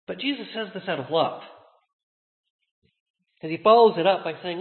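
A man preaching a sermon as a pastor, earnest, slowing down to stress key words. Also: sits high. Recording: tinny, echoey hall.

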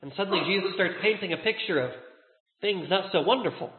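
A man preaching a sermon as a pastor, earnest, slowing down to stress key words. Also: high-pitched. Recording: tinny, echoey hall.

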